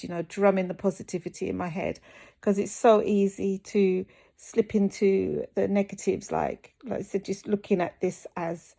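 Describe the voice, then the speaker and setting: A woman's voice: mid-range voice, gravelly, mellow. A woman from the UK talking candidly to camera in a vlog, hesitant with many ums and restarts, and tired. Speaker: fitness vlogger recovering from surgery.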